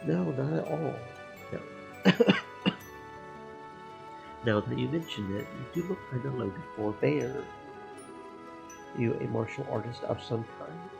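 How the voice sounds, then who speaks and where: A man reading Kevin, a gravelly flirting priest. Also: medium pitch, slow pace, long pauses. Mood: friendly. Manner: teasing, easygoing banter. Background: game music.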